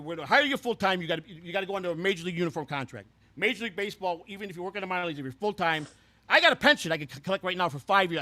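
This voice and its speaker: A host plays a brash, foul-mouthed former baseball clubhouse worker in scripted comedic storytelling, rambling through tales and tripping over repeated words. His voice sits high and sounds pushed and bright.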